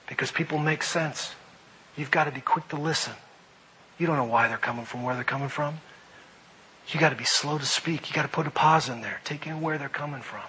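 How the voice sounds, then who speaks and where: A middle-aged man preaching a sermon, animated, moving between loud emphasis and quiet reflection. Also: mid-range voice, slight background noise, poor audio. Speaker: pastor.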